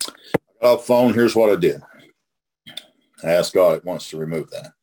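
Deep husky man teaching with folksy emphasis. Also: moderate pace, darkish tone. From Oklahoma. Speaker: host leading a recovery study. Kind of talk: casual teaching talk.

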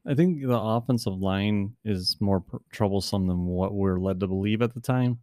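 A man's voice: lowish voice, normal speed, mellow, dry recording, studio quality. Rambling man talking fantasy football. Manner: rambling with many fillers and restarts. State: has the hiccups. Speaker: podcast co-host. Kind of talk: casual fantasy football chat.

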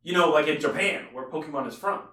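A man's voice: fairly high pitch, fast talker, pushed and bright, reverberant, distant mic. A man co-hosting a casual podcast chat, joking around and laughing often. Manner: laughs often, jokey, playful put-on voices. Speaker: podcast co-host.

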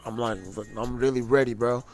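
A man's voice: medium pitch, moderate pace, faint music behind. Heated young man telling a story. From United States. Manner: profane, heated, animated retelling. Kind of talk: casual storytelling to camera.

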